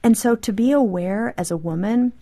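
A woman speaking as an interview guest, animated and explanatory, often acting out short quoted exchanges in her own talk. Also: fairly high pitch, normal speed. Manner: animated, acts out quoted dialogue. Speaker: guest author. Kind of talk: interview conversation.

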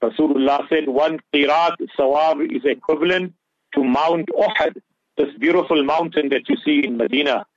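In earnest religious talk on the radio, a man passionately advises listeners on Islam, weaving Urdu and Arabic phrases into his English. His voice is a little high and moderately paced, with no echo, in dull lo-fi audio.

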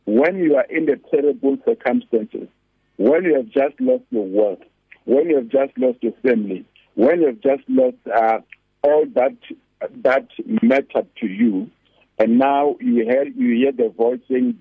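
Husky-voiced pastor on a phone line. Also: male voice, on the high side, very animated, a little slow, no room sound. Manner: earnest and emphatic, repeats scripture phrases. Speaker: pastor, guest on radio talk show. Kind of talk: preaching on a radio talk show. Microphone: phone call-in.

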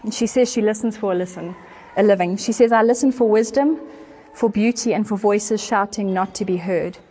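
A woman pastor, telling a story in an animated way during a sermon. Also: medium pitch, a little fast. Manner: animated storyteller, acts out voices with laughter. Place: church.

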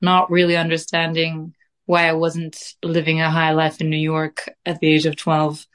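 Low, flat-voiced woman musician rambling dreamily. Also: moderate pace, clear, resonant tone. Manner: dreamy, rambling, laughs easily. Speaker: guest musician. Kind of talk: casual interview chat.

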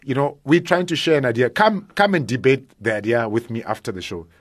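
Animated comedian, dry studio. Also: male voice, mid-range voice, fairly quick, no echo. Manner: animated, laughs often, acts out jokes. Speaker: stand-up comedian guest. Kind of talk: casual radio interview. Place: radio studio.

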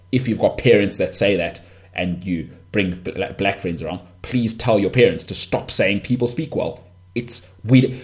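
South african guy ranting on his podcast, low-ish voice, blunt and rambly, keeps restarting. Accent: South African, Johannesburg northern suburbs. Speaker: podcast host. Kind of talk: candid solo podcast rant.

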